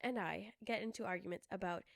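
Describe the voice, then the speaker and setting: A woman's voice: mid-range voice, a little fast, creaky. A young woman co-hosting a podcast, telling stories in casual chat and acting out what others said. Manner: animated storytelling, acts out quotes. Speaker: podcast co-host.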